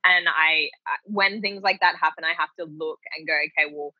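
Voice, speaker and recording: A woman's voice: sits low, moderate pace, dry recording, highs cut off. A woman life coach chatting casually on a podcast, telling stories animatedly and laughing often. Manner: animated storyteller who acts out quotes and laughs often. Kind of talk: casual chat.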